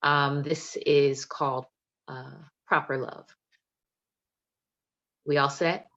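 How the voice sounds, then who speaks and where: A woman's voice: extremely low pitch, steady tone, a little slow, long pauses, fairly bright tone, dull audio. A woman poet reading her poems with emphatic, playful delivery and chatting between them over a video call. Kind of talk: poetry reading and chat.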